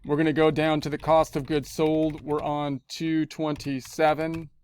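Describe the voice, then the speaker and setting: This screencast tutorial features a man teaching accounting, explaining every spreadsheet step and repeating himself often. His pitch leans high, his tone is level, darkish, clear and resonant, and he takes his time.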